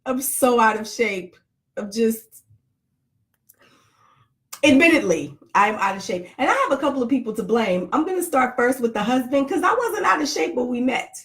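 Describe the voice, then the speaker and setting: A woman's voice: a little high, animated, moderate pace, fairly bright tone. A middle-aged woman vlogger chatting casually to live viewers, joking and greeting them by name.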